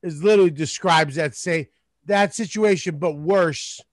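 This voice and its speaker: A man's voice: on the high side, moderate pace, no echo, clean studio sound. A man guesting on a comedy podcast, riffing crudely with heavy swearing.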